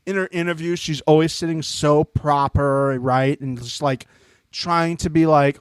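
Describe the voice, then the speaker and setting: A man's voice: on the high side, steady tone, measured pace, clean tone, no room sound, clean studio sound. A man co-hosting a podcast, chatting casually and mockingly acting out the cast. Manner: mocking, acts out the cast in put-on voices. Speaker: podcast co-host. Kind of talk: casual chat recapping a reality show.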